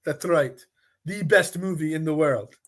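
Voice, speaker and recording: A male sports talk host who argues his points, stacking restarts and repeated phrases. His voice sits high and sounds bright and forceful. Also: a little slow. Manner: animated, repeats himself when making a point.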